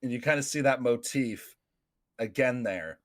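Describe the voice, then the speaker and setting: A man hosting a casual podcast chat, excitable and quick to laugh. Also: medium pitch, dry recording. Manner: excitable, laughs often, shouts quoted lines. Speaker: podcast host.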